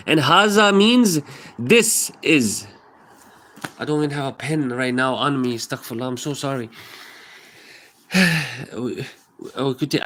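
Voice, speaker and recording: A man's voice: fairly high pitch, fairly bright tone. A man hosting a live stream and casually teaching basic Arabic phrases, repeating himself often and making chatty, self-deprecating asides.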